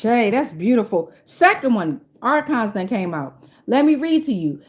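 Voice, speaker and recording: A woman's voice: fairly high pitch, animated, normal speed, darkish tone. Loose, foul-mouthed woman reading tarot. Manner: loose, profane, rambling, laughs often. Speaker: tarot reader. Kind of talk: casual tarot reading vlog.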